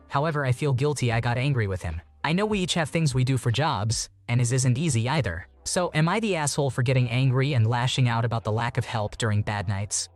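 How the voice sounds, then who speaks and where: A man reading online posts aloud in an even, steady voice and adding short comments of his own. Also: medium pitch, brisk, hardly any pauses.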